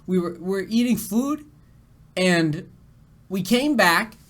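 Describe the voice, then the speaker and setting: A man's voice: high-pitched, lively intonation, slow, a bit bright. A young man streaming games, his voice shaky after crying, telling a rambling story to his chat with laughs and restarts. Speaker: game streamer. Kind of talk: casual storytelling to a live chat.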